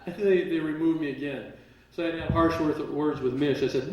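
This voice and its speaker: Speaking briskly in a fairly high voice, this man entertains a live seminar audience in a big room with lively stories, imitating other people's words and occasionally laughing. There's slight background noise, a roomy echo, and the mic is far off.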